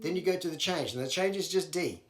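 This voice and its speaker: A quick-talking Australian man with a fairly high, lively voice teaches a song on guitar step by step. He counts and sings each strum rhythm out loud as he plays, with the loud guitar sounding roomy.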